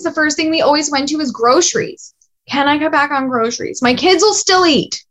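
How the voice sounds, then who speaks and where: A woman in her thirties coaching small business owners in a casual, lively way, blunt and swearing now and then. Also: sits high.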